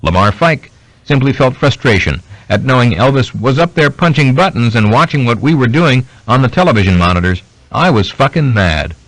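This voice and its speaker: Dry, steady male audiobook narrator. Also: mid-range voice, moderate pace, no room sound, rough recording. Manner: steady, even reading of a biography. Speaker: audiobook reader. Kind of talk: scripted narration.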